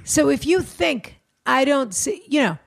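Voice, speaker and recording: A woman in casual chat, blunt and bossy, giving quick-witted advice. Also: sits high, animated, creaky.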